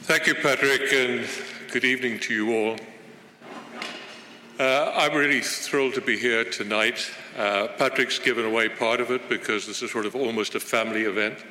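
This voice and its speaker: An older man, originally from Northern Ireland, speaks with a neutral accent that has lost its Irish edge. He talks to an audience in a conversational, reflective way, with frequent fillers and restarts. His bright voice carries through a large, echoey hall with long reverb. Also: medium pitch, steady tone, normal speed, slight background noise. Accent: neutral international, little Irish left. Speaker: guest speaker launching a book. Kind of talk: informal speech to an audience.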